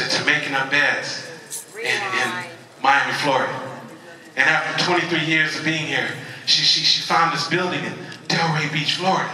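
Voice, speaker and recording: A man's voice: sits high, sharp tone. A man giving a motivational speech to a convention audience, telling a story with call-and-response and stammered restarts. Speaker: motivational speaker. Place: large convention hall with audience. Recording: echoey convention hall from far off.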